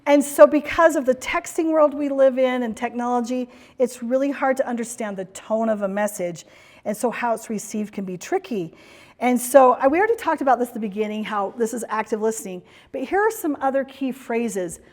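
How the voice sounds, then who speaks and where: A fairly high-voiced woman runs a workshop as a corporate trainer, encouraging her audience in a chatty way. She acts out playful little examples as she goes. Her voice carries a long hall reverb. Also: expressive, brisk, darkish tone. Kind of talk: workshop presentation to a retreat audience. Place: retreat venue meeting room.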